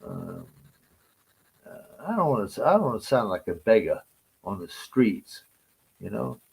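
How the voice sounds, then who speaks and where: A man hosts a live stream and rants crudely, mocking and rambling as he goes. His lowish voice swings widely in pitch at a measured pace, with vocal fry and a breathy edge, captured in a low-quality recording.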